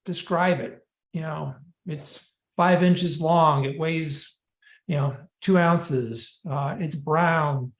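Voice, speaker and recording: A man's voice: on the high side, fairly even intonation, slow pace. Male roundtable host, friendly and hesitant, echoey video-call sound. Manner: friendly, hesitant with many fillers. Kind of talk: hosting a webinar.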